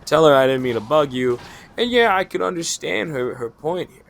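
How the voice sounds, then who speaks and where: A man's voice: a little high, animated, normal speed, vocal fry, a little hiss or hum. A man, new at his office job, venting in a rambling, frustrated way, swearing often and restarting his sentences. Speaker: new data entry worker. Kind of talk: casual venting monologue.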